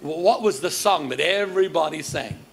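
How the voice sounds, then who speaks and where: A man's voice: a little high, lively intonation, moderate pace, creaky, slight background noise. A man with an Australian accent preaching to his congregation, stammering into restarts, cracking jokes and quizzing the audience. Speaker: pastor. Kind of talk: lively sermon to a congregation. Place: church service.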